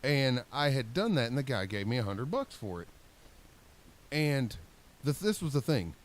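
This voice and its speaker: A man swaps stories with friends on a podcast, winding through a long tale and voicing the people in it. His pitch rises and falls freely as he talks. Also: normal speed, a little hiss or hum. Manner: rambling, animated storyteller acting out quotes. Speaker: podcast co-host. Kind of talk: casual storytelling chat.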